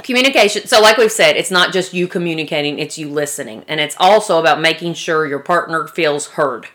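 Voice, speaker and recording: Animated woman with a bright, lively voice. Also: sits low, fairly quick. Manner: animated, laughs often, acts out quotes. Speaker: podcast co-host. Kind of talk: casual chat.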